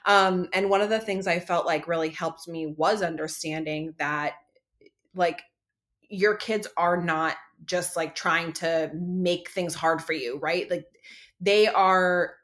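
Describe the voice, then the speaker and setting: A woman's voice: lowish voice, fairly even intonation, slow, fairly bright tone. A woman in her thirties hosting a casual parenting podcast, chatty with many fillers and restarts. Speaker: podcast host.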